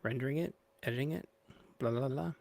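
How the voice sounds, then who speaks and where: Gravelly man rambling before a stream. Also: mid-range voice, brisk, a little mellow. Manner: scattered and playful, drifting off mid-sentence. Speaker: podcast host. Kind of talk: rambling livestream pre-show chat.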